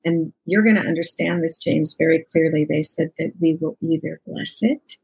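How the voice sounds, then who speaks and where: Her voice sits low and is creaky and slightly rough, moving at a moderate pace. She is a sixties-aged woman appearing as an interview guest, recounting something from her own life in a lively, conversational style, voicing the dialogue herself and often breaking into laughter.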